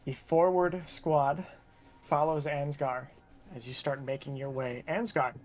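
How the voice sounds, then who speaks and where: A man's voice: a little high, fairly even intonation, a little slow, darkish tone, faint music behind. A man running a tabletop role-playing game as game master, narrating in a casual, laid-back way.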